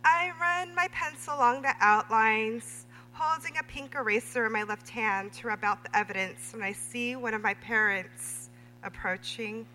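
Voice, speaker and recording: A woman reading her own memoir prose aloud at a literary reading, measured and deliberate. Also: a little high, pushed and bright. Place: reading event in a hall. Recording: reverberant hall with faint hum.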